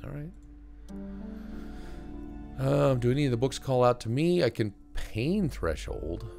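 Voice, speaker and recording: Here a man chats casually to himself while playing a video game, reading options out loud and dropping wry asides as a gamer streaming his playthrough in let's-play style. His pitch is medium with big swings, his delivery unhurried and creaky, the tone a little mellow. Soft music sits in the background.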